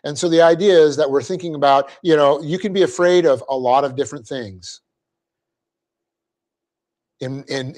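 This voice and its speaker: A middle-aged man leads a Bible class in a church classroom, his voice sitting a little high for a man. He talks through grammar step by step, keeps checking that his listeners follow, and chuckles easily at his own mistakes. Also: darkish tone. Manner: explanatory, often checking in with "okay?"; light-hearted, quick to laugh at himself. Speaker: Bible teacher. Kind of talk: classroom lecture on Greek grammar.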